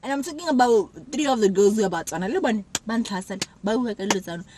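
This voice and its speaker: Animated young woman storyteller. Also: mid-range voice, rapid-fire, crowd noise, low-quality recording. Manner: animated, acts out quotes with sudden loud jumps. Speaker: vlogger. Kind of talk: casual storytelling.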